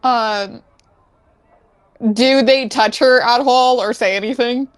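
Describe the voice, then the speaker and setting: A woman in a tabletop game speaks in a fairly high voice, animated and eager, often slipping into her character's lines. The sound is dry and close to the mic. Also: takes it slowly, smooth, dry recording. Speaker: player. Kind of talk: casual tabletop play.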